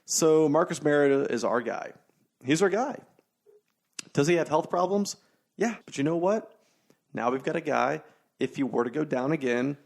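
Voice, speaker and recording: Gravelly young man rambling on a podcast. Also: mid-range voice. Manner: rambling, profane, storytelling with many fillers. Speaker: podcast host. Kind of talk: casual solo podcast monologue.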